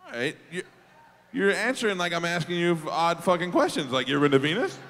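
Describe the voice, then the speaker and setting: A man's voice: high voice, sing-song, fast, fairly bright tone. A man hosting a live show on stage, doing casual, teasing crowd work. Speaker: show host and emcee. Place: theater stage. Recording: theater reverb with music behind.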